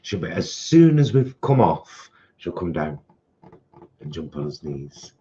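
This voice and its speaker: A man's voice: low-pitched, big pitch swings, unhurried, mellow, muffled recording. A man co-hosting a live stream, chatting casually with teasing, dry jokes.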